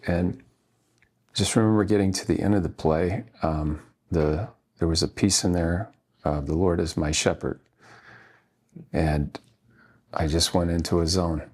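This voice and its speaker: A man in his fifties from Washington State, an actor guest recounting his life in an earnest, halting way with many pauses. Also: low voice, darkish tone, breathy edge. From Washington State, USA. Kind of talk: reflective interview storytelling.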